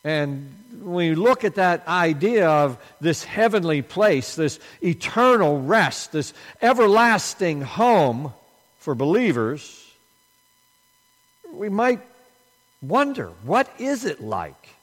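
A man preaching with a lively, swinging delivery, his voice climbing on the points he stresses. He sits a little high for a man and goes low and hushed in prayer. A long hall reverb trails each phrase. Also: slow pace. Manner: emphatic, rising on key lines, hushed and low in prayer. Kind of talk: sermon with prayer.

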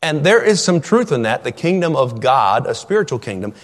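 A man's voice: medium pitch, big pitch swings. Emphatic preacher man in a reverberant hall. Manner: emphatic, drawn-out preaching with sudden shouts and quiet asides. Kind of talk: expository sermon.

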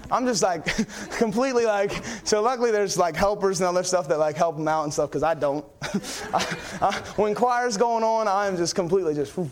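A young man preaching a sermon in a church, telling stories in an excitable, rambling way with many fillers. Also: high voice, normal speed.

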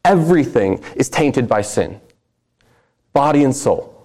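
A man's voice: medium pitch, very animated, a little slow, darkish tone. A man preaching a sermon, reading scripture aloud with earnest emphasis.

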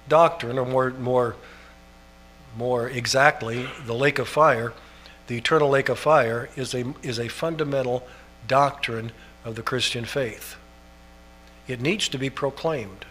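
A pastor preaching a sermon in an earnest way, building up to emphatic, almost shouted passages. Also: male voice, mid-range voice.

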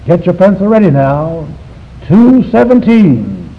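A man's voice: sits high, huge pitch swings, a little slow. A man teaching a Bible study to a live class, emphatic and full of rhetorical questions. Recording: dull lo-fi recording.

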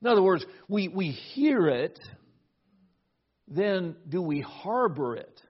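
A man's voice: sits high, sing-song, slow, slightly rough. A middle-aged man preaching a sermon, telling a family story with repeated words at the start of phrases. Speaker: pastor. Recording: dull lo-fi recording.

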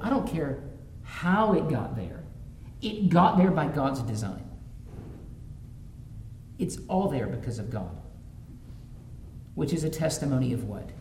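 This sermon comes from a pastor whose voice is fairly high and a little mellow; he shares stories from his own family life and climbs to fervent emphasis. The audio carries a roomy echo with faint background noise.

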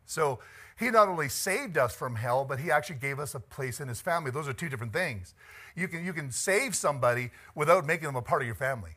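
A man's voice: fairly high pitch, animated, fast, pushed and bright, husky. A middle-aged man preaching a conversational sermon as pastor, chatty and joking, laughing often and moved by the text.

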